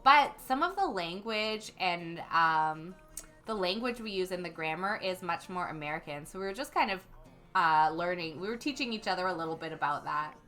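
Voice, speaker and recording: A young woman chats casually on a gaming livestream, reading comments from viewers aloud and filling gaps with frequent ums. Her voice is bright and clear, with soft music playing faintly behind her. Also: lowish voice, expressive, moderate pace. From Canada. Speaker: livestream host.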